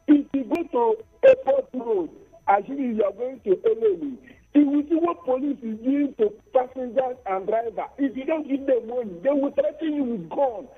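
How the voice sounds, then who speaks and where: A Nigerian man with a high, husky voice calls in to a radio show over a tinny phone line. He complains indignantly and keeps firing off rhetorical questions. Faint music sits under his voice. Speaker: caller. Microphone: telephone.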